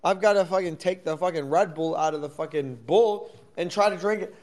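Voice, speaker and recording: A young man hosting a crypto talk stream, rambling and swearing in loud, jumpy, sarcastic banter from an office at night. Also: high-pitched, a little fast, few pauses. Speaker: crypto space host.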